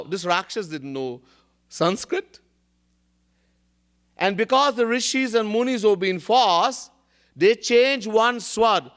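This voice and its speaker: A man's voice: sits high, a bit bright. A man, a spiritual teacher giving a devotional discourse, telling stories, chanting Sanskrit verses and often laughing.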